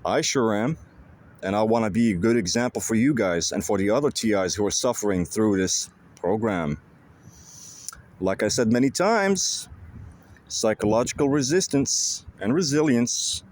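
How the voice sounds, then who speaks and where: A man's voice: on the low side, animated, moderate pace, a little mellow. A man vlogging outdoors by a lake, speaking to his viewers in an intense, repetitive and profane way. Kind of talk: casual monologue to viewers.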